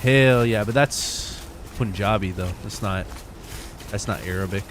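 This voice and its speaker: A young man streaming a game live, chatting loosely and excitably with viewers. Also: fairly low pitch, unhurried, slight background noise. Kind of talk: casual live-stream chat.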